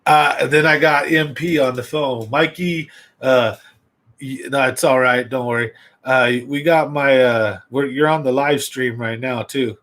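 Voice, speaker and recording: A man's voice: medium pitch, steady tone, measured pace, fairly bright tone, rough recording. A man hosting a fishing livestream in a casual, rambling way, chatting straight to his viewers.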